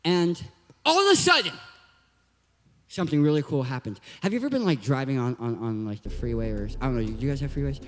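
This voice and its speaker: A man, a guest speaker, telling comedic stories in a sermon, animated and self-deprecating, breaking into loud bursts. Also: mid-range voice, quick pace. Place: church hall. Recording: reverberant hall with faint music.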